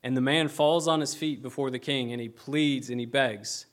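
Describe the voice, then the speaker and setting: A man's voice: medium pitch, fairly even intonation, normal speed. A young man giving a casual, conversational sermon, with many fillers and a self-deprecating tone. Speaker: preacher.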